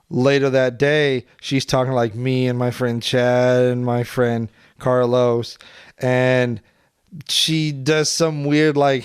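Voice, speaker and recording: A man's voice: mid-range voice, smooth, no echo, clean studio sound. A man telling an anecdote on a casual podcast, loose and full of "like" fillers. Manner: loose storytelling with many "like" fillers.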